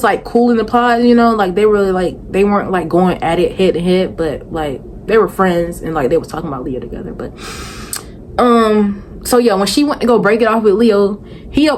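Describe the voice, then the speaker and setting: A woman's voice: medium pitch, a little hiss or hum. A young woman, recapping a reality show in a sassy, rambling, exasperated vlog to camera. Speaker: vlogger reviewing a reality show. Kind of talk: casual chatty recap.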